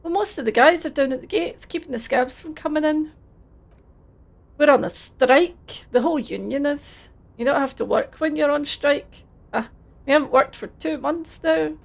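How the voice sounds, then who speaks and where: A woman's voice: high-pitched, moderate pace, vocal fry, pitched above the performer's own voice. A woman with a Scottish accent voicing a simple, friendly, cheerful male dockworker, reading game dialogue aloud. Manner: cheerful, chuckling.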